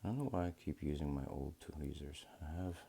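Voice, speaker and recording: A man's voice: extremely low pitch, fairly quick, gravelly, dark tone, slightly rough. A man hosting a watch modding video, chatting casually and rambling to himself as he works. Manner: rambling, talks to himself, self-deprecating. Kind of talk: casual narration while working.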